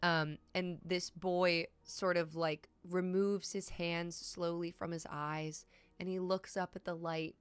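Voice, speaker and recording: A woman's voice: fairly low pitch, little pitch movement, takes it slowly, smooth, dry recording. A young woman narrating as game master of a tabletop game on a stream, casual with lots of filler words. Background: soft background music.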